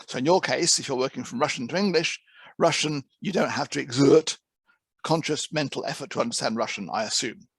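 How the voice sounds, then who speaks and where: Gravelly-voiced man teaching interpreters. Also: medium pitch, fairly quick, dry recording. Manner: conversational, repeats words when restarting. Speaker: interpreting course head and teacher. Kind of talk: online presentation to trainee interpreters.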